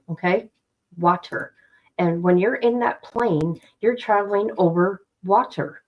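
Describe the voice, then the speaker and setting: A woman's voice: medium pitch, measured pace, highs cut off. A woman streaming casual commentary to her viewers, blunt and chatty, speaking straight to her audience. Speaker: streamer reacting to news.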